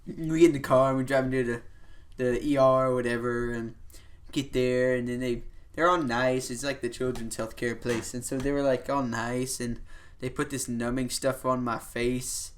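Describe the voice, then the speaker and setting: A young man on a casual podcast, spinning a story in a loose, rambling way. His voice sits at an ordinary middle pitch, and he keeps stringing thoughts together with "like" and "you know." It is relaxed, unscripted chat. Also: normal speed. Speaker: podcast host.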